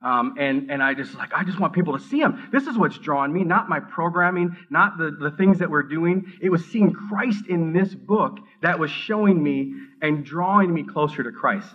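A middle-aged man from the Minneapolis area telling his personal faith testimony, earnest and halting, often restarting his sentences as his excitement builds. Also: fairly high pitch, breathy edge, dull audio. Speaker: seminary student giving testimony.

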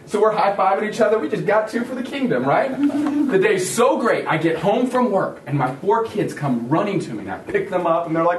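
A man preaching a sermon as a pastor, telling a story with lively acted-out voices of others. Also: fairly high pitch, a little fast, slight background noise. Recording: echoey room from a distance.

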